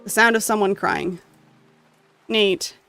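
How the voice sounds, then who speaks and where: Smooth, emotional game reader. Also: medium pitch, takes it slowly, faint music behind. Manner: emotional, expressive reading with asides. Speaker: gamer reading a visual novel aloud. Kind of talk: dramatic reading of game text.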